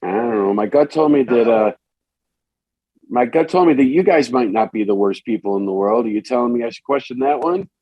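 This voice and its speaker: A man's voice: medium pitch, fairly quick, a little mellow, dry recording, voice pushed down, close to an everyday voice. A man voicing a guarded fifteen-year-old from a poor neighborhood, hesitant and humming before he answers, in a tabletop role-play game. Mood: doubtful.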